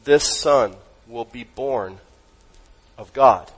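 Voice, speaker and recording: Preaching with emphasis, this pastor puts questions to his congregation, drops his voice low for key words, and stretches his words out. The audio is poor.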